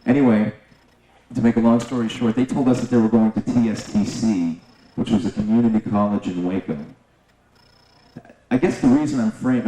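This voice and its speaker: A man telling a personal story in an unhurried, conversational way, acting out other people's lines now and then. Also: fairly low pitch, mellow. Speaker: eyewitness recounting events. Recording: roomy echo with faint noise.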